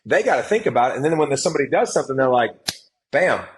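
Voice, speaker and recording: Guest, man, 40s, mid-pitched, lively and emphatic storyteller. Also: quick pace, low-quality recording. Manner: animated, emphatic storytelling with frequent restarts. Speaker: guest, former football player and analyst. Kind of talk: casual podcast conversation.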